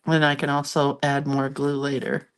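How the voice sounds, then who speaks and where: A congested, sniffly woman hosting a casual crafting demo, chatting and laughing at herself while she works. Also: sits low. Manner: chatty, self-deprecating, talks while working. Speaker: craft video host.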